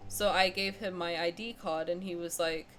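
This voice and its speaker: Speaking at a normal pace, this young streamer has a voice on the low side, fairly even in intonation and a bit bright, with a little hiss or hum behind it. She tells a long personal story in a loose, rambling way, full of fillers and mid-sentence restarts.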